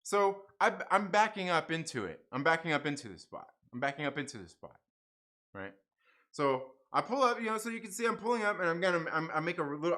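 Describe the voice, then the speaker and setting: A man hosting a livestream, telling a rambling story in a casual, repetitive way and acting out the people in it. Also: fairly high pitch. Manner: animated, repetitive, acts out voices in his story; casual, with mild swearing. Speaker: channel host.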